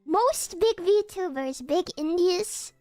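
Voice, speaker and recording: A woman's voice: extremely high pitch, lively intonation, slow, mellow, soft background music. A woman in her twenties, a streamer chatting casually in a blunt, teasing way. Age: 20s. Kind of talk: casual chat.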